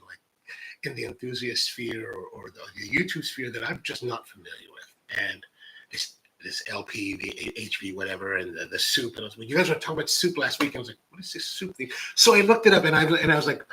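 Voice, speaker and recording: A man's voice: mid-range voice, huge pitch swings, fairly quick, bright, forceful tone, poor audio. A man from the United States, a coffee professional hosting his own channel, chatting casually to camera in a rambling, candid, self-deprecating way full of "like" and restarts.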